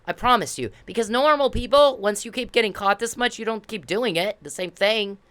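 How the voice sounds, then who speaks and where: A woman's voice: on the high side, a little fast, a bit bright. A woman delivering an angry, confrontational monologue, repeating herself and swearing as she berates the police. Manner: confrontational, repetitive, profane. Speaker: vlogger addressing police.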